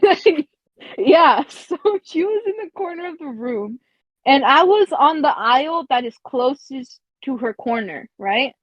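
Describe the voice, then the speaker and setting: A woman with a high voice tells a story in loose podcast chat, swearing freely and filling her sentences with "like." The recording is dry and somewhat dull and lo-fi. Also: animated, a little slow, dry recording. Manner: casual, profane, laughs between phrases, many fillers like "like". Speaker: podcast co-host.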